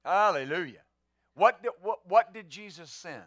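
A man's voice: high-pitched, expressive, normal speed, a bit bright, dry recording, studio quality. A man pastor preaching a sermon, emphatic, asking rhetorical questions and answering them.

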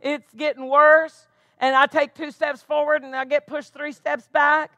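A woman's voice: high voice, flat delivery, measured pace, fairly bright tone, dry recording. A woman pastor preaching a sermon with emphatic delivery, tossing questions back to the congregation. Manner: emphatic preaching with call-and-response asides.

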